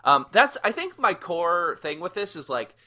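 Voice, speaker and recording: Animated man with a bright voice. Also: high voice, moderate pace. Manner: animated, swears casually, lots of fillers. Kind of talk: casual podcast chat.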